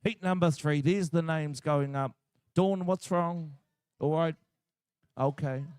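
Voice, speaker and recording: A man with a New Zealand accent announces a shearing contest over a PA, joking and chatting with the crowd as he gives live event commentary. His voice is a little high, slow-paced, slightly mellow and smooth. The recording is clean studio sound with no room sound.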